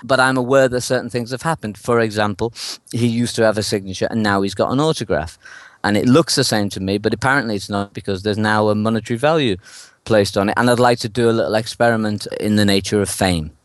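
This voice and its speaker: A man who works as a street performer tells an animated anecdote in an interview, acting out the voices of the people in it and laughing often. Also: fairly low pitch, fast talker, no room sound.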